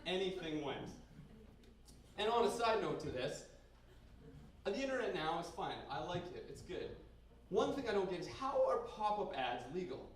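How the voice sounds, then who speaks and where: This young Canadian comedian delivers a raunchy stand-up set in a bar basement, his fairly high voice very animated at a normal speed. He's brash and crude, rambling through stories and breaking into sudden loud outbursts. Recorded by an in-room camera off his handheld stage mic, the sound is heavily echoey, distant, and carries slight background noise.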